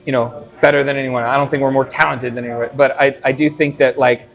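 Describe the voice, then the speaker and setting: Midwestern man, brewery owner guest; casual, halting, restarts a lot. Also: medium pitch, steady tone, a bit bright. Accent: American Midwest. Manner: halting, many fillers and restarts. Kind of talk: casual conversational storytelling.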